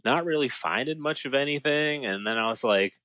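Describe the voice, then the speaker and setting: A man in mid-range pitch chats casually as a podcast co-host. He tells a story in an animated way, his voice soaring upward and dissolving into giggles at the best bits. The sound is dry and close. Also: fairly quick, no echo. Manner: animated storyteller, voice rising high and laughing when excited. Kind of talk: casual chat.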